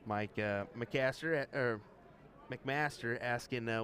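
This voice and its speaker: A man doing live darts commentary with relaxed, easygoing banter. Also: mid-range voice, takes it slowly.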